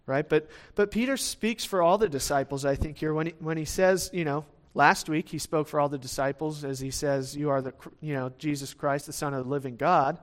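A man's voice: fairly high pitch, a little fast, few pauses. A man preaching a sermon in a conversational way, often restarting phrases and checking in with the listeners with "right?". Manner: acts out the quoted lines of the disciples in lively voices.

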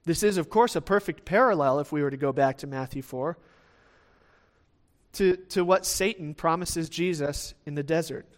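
A man with a slightly higher-than-usual voice preaches a sermon in a relaxed, conversational way. He restarts phrases as he goes and keeps checking in with the listeners. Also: moderate pace. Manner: conversational, with frequent restarts and "right?" asides; acts out the quoted lines of the disciples in lively voices.

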